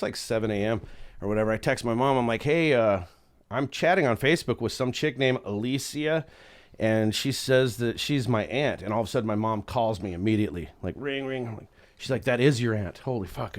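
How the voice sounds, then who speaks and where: A man chatting as a podcast guest, easygoing and loose-tongued, spinning a story with plenty of swearing. His voice sits at an ordinary middle pitch, and he slips into the voices of the people he quotes as he goes. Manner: profane, laid-back, acts out quotes. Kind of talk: casual storytelling chat.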